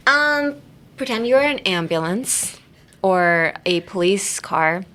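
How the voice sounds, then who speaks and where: A woman's voice: mid-range voice, animated, slow, fairly bright tone. A woman hosting a podcast English lesson, talking casually and rambling with lots of fillers and self-corrections. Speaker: podcast host teaching English through anime.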